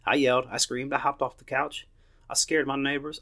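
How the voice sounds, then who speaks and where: A man in his thirties talks through a soccer match on his own, blunt and opinionated. He swears casually and sounds like he is chatting from the couch. His pitch sits in the ordinary middle range for a man. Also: level tone, fairly quick, pushed and bright. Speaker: soccer podcast host. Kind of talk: casual solo match review.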